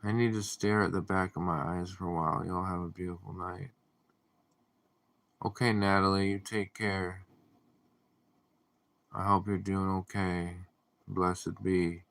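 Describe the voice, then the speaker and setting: A man hosting a casual livestream, reading viewer comments aloud and answering them in a deadpan, drowsy way. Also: low voice, measured pace, gravelly, pauses often. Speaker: livestream host.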